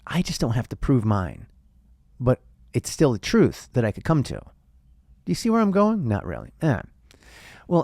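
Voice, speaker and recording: A man muses out loud in a casual, theatrical monologue, his pitch rising and falling in lively swings. The recording is dry and close, with no room sound, and he drops in a curse now and then. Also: creaky, no room sound. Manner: playful, theatrical, swears casually. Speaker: podcast host.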